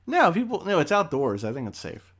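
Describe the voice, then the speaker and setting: A man's voice: fairly high pitch, huge pitch swings, a little fast, fairly bright tone. A man co-hosting a podcast in casual chat, rambling, joking and swearing freely. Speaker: podcast co-host.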